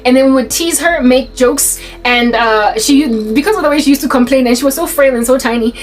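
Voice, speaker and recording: A woman tells a story in a casual, animated way. Her voice sits high, and she keeps laughing as she goes. Faint music plays softly behind her. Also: fairly quick, rough recording. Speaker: faith vlogger.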